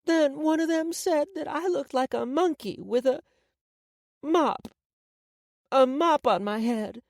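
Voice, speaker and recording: A woman voicing a tearful, stubborn eleven-year-old girl in an audiobook, with high, shrill outbursts. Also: slow, darkish tone, no echo, studio quality. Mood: hurt.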